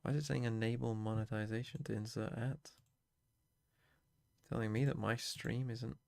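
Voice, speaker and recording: A man hosting a watch party stream, chatting casually and swearing as he reacts out loud. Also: medium pitch, steady tone, normal speed, creaky, pauses often. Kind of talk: casual co-stream chat over a broadcast.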